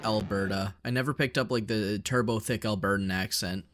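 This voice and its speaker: A man's voice: on the low side, moderate pace, a little hiss or hum. Profane Canadian guy rambling on stream. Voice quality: monotone. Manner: rambling, profane, jokey, reads and answers chat. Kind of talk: casual live-stream chat.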